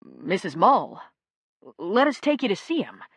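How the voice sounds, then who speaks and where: A woman reading aloud, voicing an earnest man who gently urges. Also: mid-range voice, very animated, a little slow, husky, dry recording. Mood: urging.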